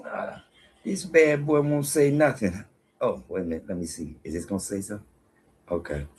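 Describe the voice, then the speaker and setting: A man's voice: fairly low pitch, normal speed, darkish tone, slight background noise. A man hosting a casual video, questioning a phone app in a skeptical, rhetorical way and talking back to it. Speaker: video host. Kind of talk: casual commentary while quizzing a phone app.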